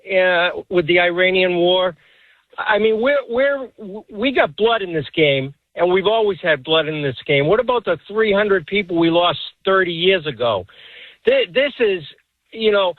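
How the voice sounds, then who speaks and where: A man, calling in to a radio show. His voice is high for a man and he stumbles, repeating words as he pushes his opinions. It comes through a thin, tinny phone line. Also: no room sound. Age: 60s. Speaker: caller. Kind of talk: call-in radio.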